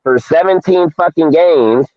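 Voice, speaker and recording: A man's voice: a little high, unhurried, dry recording. A man hosting a casual sports talk show, ranting heatedly with a lot of swearing. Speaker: podcast host. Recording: dry tinny phone-like audio.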